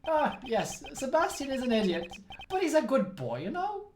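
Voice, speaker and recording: A woman's voice: sits high, wildly swooping pitch, normal speed, a little mellow, slight background noise. A woman voicing a jovial older police chairman who dotes on his son, speaking in a folksy grandfatherly way. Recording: echoey room with music behind.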